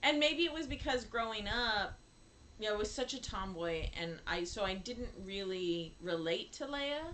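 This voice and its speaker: A woman in her fifties co-hosting a casual chat, laughing often and acting out quotes with big jumps in pitch. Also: animated, moderate pace, fairly bright tone, slight background noise, poor audio. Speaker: podcast co-host.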